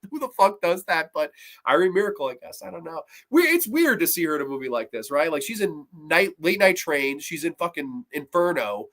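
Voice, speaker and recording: A man reviewing horror films on his own show, talking casually with heavy swearing and lively swings in his delivery. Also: a little high. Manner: profane, animated, mocks scenes in put-on voices. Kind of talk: casual solo film review.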